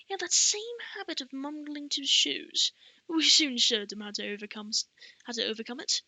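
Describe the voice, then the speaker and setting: A woman's voice: sits high, brisk, sharp tone, dry recording, full character voice. A woman voicing a fussy, talkative male scribe master who repeats himself in an audiobook. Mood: pompous.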